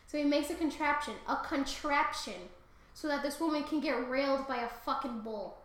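A young woman rambles through a crude comic retelling of a myth, swearing freely and laughing at her own asides. Her voice sits high and bright. The recording has a very echoey, roomy sound. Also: moderate pace. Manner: rambling, profane, giggly. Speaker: podcast co-host. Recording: very echoey room.

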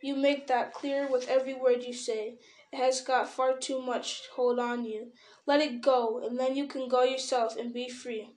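A woman's voice: high voice, flat delivery, a little mellow, lightly acted. A woman reading a grave, stern old wizard. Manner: measured and grave, sternly persuasive.

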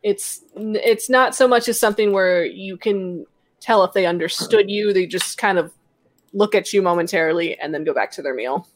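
Here a woman acts as game master for a tabletop game, narrating in a mid-range voice. She sounds relaxed, pauses often, and uses many fillers, and there's no room sound.

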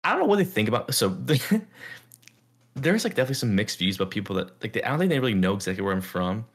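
A young man co-hosting a podcast, chatting casually, rambling with lots of filler words and slipping into animated impressions. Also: lowish voice, quick pace, breathy edge. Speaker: podcast co-host. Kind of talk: casual chat.

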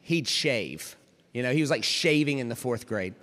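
An animated male preacher tells stories from the pulpit, his voice bright and cutting. His pitch leaps widely as he dramatizes, building to near shouts. The sound echoes around a large hall. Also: normal speed. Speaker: pastor. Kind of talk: storytelling sermon.

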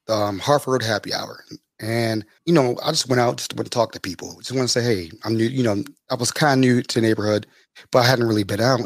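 A man, a podcast host telling stories as a guest, lively and acting out the people he quotes. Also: dry recording, clean studio sound. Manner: animated, acts out quoted people with big pitch jumps. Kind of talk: casual storytelling in an interview.

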